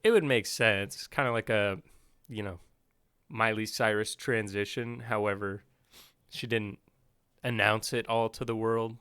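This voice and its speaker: A man's voice: lowish voice, steady tone, unhurried, a bit bright, smooth, dry recording, clean studio sound. A young man co-hosting a podcast in casual, joking chat, laughing often. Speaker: podcast co-host.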